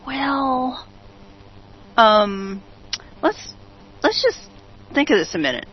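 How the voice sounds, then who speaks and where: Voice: high-pitched, big pitch swings, extremely slow, breathy edge. A talk show host giving opinionated commentary, reading out news quotes and turning to a co-host with rhetorical questions. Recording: dull lo-fi recording.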